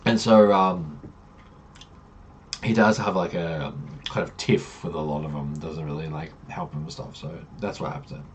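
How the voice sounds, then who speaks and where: A man's voice: extremely low pitch, steady tone, moderate pace, dull audio, slight background noise. A man, a game master recapping a tabletop campaign in loose, rambling storytelling.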